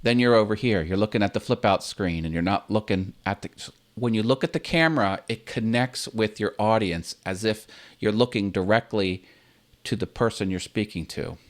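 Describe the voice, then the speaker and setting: A man hosting his own channel, giving casual on-camera tips in a relaxed, chatty way, recorded on his computer's built-in webcam in a home set. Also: lowish voice, normal speed. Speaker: YouTube channel host. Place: home set with stuffed animals and video games.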